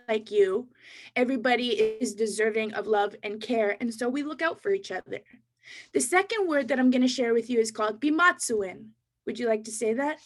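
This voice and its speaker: A Canadian woman, a poet and educator, reciting rhyming spoken word poetry and coaching listeners to repeat words after her. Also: a little high. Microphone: online webinar mic.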